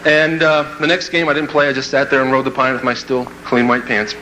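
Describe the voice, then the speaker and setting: A man's voice: mid-range voice, a little fast, slight background noise, rough recording. A man telling a funny personal story to an audience as a motivational speaker, acting out the voices in it with lots of energy. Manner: animated, acts out quoted voices and laughs at his own story.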